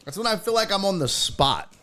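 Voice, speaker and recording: A man hosting a casual podcast livestream, telling stories in an animated, profane way and acting out sighs and panic. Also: high voice, fairly quick, dry recording, clean studio sound. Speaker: podcast host.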